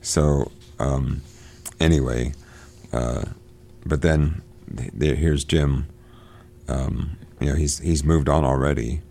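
A man with an extremely deep, gravelly voice reads passages from a novel aloud to a small group. He stops to explain, halting with fillers and false starts. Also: fairly even intonation, dark tone. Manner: halting, many fillers and restarts. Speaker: discussion leader. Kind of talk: reading aloud and discussing a novel.

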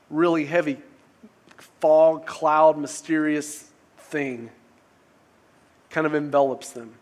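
A male pastor preaching a sermon in a casual, conversational way, often restarting phrases and asking rhetorical questions. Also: on the high side.

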